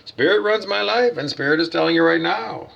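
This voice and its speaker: A man with a husky, gravelly voice rants like a preacher in a vlog, firing questions at himself and answering them bluntly, swearing freely. His voice sits slightly high for a man. The recording sounds dull and muffled. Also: brisk, a bit bright. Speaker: self-styled spiritual teacher. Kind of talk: ranting vlog monologue.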